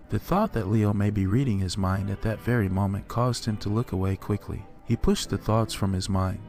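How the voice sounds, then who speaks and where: A man reads a horror story aloud in a measured, somber way. His voice sits low, and quiet music plays faintly beneath the narration.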